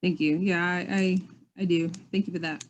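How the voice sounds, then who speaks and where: A woman coaching motorcycle riders, chatting on a video call in a friendly, animated way and often repeating herself. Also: fairly low pitch, moderate pace, highs cut off. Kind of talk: casual video call chat.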